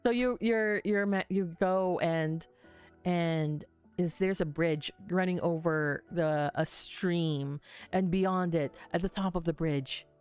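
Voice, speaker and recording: Woman running a tabletop game on stream, slow and rambly, lots of ums, faint music behind. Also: lowish voice, a little mellow, clean tone. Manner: meandering, halting narration with many fillers and laughs. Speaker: game master. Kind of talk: livestreamed tabletop game narration.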